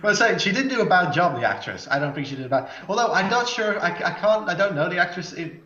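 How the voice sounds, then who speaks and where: A man with a somewhat high voice hosts a casual chat, rambling and hesitant, circling back to restart his thoughts. His voice sits in a roomy space. The recording is dull and lo-fi. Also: expressive, fast talker, sharp tone. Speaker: podcast host. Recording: echoey, dull lo-fi sound.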